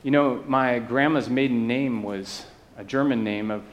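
A man's voice: mid-range voice, a little slow, highs cut off. A man preaching a sermon to his church, talking conversationally and often checking in with the listeners. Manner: conversational preaching with asides and tag questions. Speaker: pastor.

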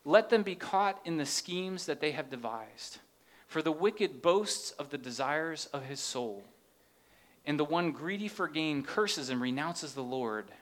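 Impassioned preacher man, higher voice. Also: lively intonation, unhurried, fairly bright tone. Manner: earnest preaching, rising to impassioned questions. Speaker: pastor. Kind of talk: sermon.

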